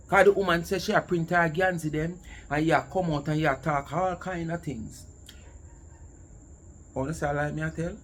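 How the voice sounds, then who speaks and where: Man, Jamaican accent, high voice, scolding, mocking commentary. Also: a bit bright, slight background noise. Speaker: commentary channel host. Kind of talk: casual commentary on a clip.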